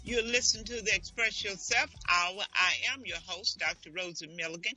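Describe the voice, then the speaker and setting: A woman's voice: mid-range voice, fairly quick, sharp tone, dry recording, faint music behind. A woman hosting a live internet radio talk show, chatting playfully and talking straight. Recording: dull dry lo-fi audio.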